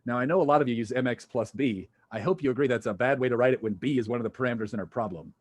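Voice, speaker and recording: This physics instructor talks very fast in a medium-pitched voice, lecturing casually and cracking jokes. He works through problems with the class, thinking out loud along the way.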